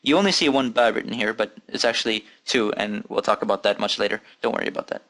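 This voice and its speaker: A man with a voice on the low side and a slightly bright tone teaches an Arabic reading lesson fairly quickly in this recording. He repeats letter sounds with patience and asks students to keep up with him.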